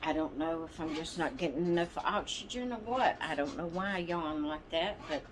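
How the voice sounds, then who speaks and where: A woman's voice: sits low, normal speed, noisy background. A woman hosting her doll channel, chatting casually and rambling to viewers with plenty of ums and asides. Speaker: doll channel vlog host.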